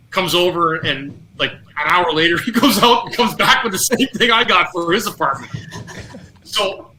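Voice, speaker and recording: Man, middle-aged, podcast guest, storyteller, very bright voice, quotes teammates. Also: fairly high pitch, a little hiss or hum, poor audio. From Canada. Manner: animated anecdotes, acts out quotes, laughs often. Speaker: podcast guest, former hockey defenseman. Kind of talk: casual storytelling.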